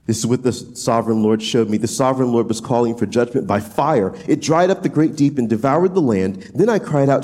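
A man speaks a little fast with few pauses, preaching an expository sermon of Bible teaching. He talks it through conversationally, restarting often and repeating words as he thinks aloud, and animatedly acts out quoted pleas in a high voice.

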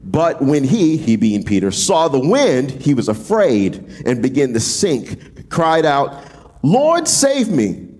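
A man preaching a casual sermon, animated and slangy, acting out voices as he goes. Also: medium pitch, takes it slowly, few pauses. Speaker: pastor.

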